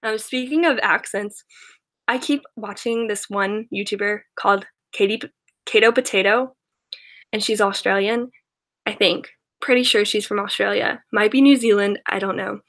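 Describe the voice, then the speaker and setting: A woman's voice: medium pitch, steady tone, moderate pace, fairly bright tone. A young woman chatting casually with viewers on a live stream, rambling with lots of fillers and restarts and laughing often. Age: young adult. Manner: rambling, filler-heavy, giggly. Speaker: YouTuber answering live chat.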